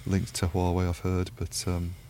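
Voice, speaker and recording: A man's voice: low-pitched, completely flat delivery, moderate pace, mellow, a little hiss or hum. A man talking through industry issues in a casual podcast discussion, thoughtful and rambling with many asides. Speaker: podcast panelist.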